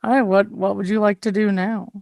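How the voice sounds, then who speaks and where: A woman's voice: medium pitch, fairly quick, vocal fry, no echo. Lady running a tabletop game, laid back, lots of ums, dry close sound. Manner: relaxed, hesitant, many ums. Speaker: game master.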